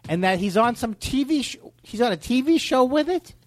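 A man's voice: very high voice, lively intonation, a little fast, crowd noise. A man who is a comedian guest, chatting casually with wry, rambling, self-mocking asides.

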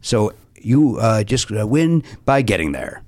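A man's voice: on the low side, sing-song, unhurried, a little mellow. A man hosting a comedy podcast game show, upbeat and self-deprecating as he explains the rules.

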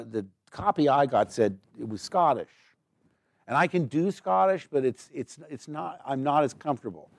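A man's voice: mid-range voice, a little mellow, no echo, clean studio sound. A man, a guest actor in a live on-stage conversation, telling rambling, digressive stories and slipping into mimicked accents. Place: stage before a live audience.

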